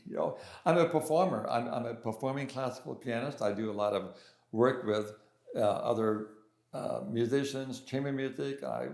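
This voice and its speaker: Being interviewed, an older pianist-composer shares his story in a relaxed but hesitant manner, often restarting and using fillers. His voice is medium-pitched and a little mellow, heard with a roomy echo.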